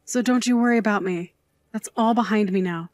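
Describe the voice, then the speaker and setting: A woman's voice: mid-range voice, fairly quick, a little mellow, lightly acted. A woman playing a middle-aged aunt who raised her nephew, a sentimental night worker who is fond, dramatic and teasing. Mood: reassuring. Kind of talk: scripted dialogue drama.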